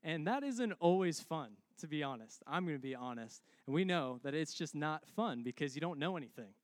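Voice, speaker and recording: A man's voice: fairly high pitch, expressive, fairly quick, dry recording, studio quality. A young man preaching a sermon as a pastor, conversational and humorous, calling out to his congregation.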